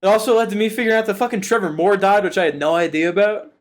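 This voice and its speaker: A man cohosting a podcast, chatting casually and retelling a film in a rambling, profane, animated way. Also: sits high, racing. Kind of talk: casual chat.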